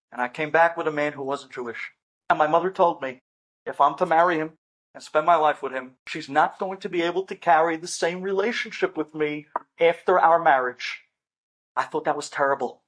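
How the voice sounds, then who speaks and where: A man voicing a bitter, estranged middle-aged daughter speaking in a low, cutting tone. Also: fairly bright tone.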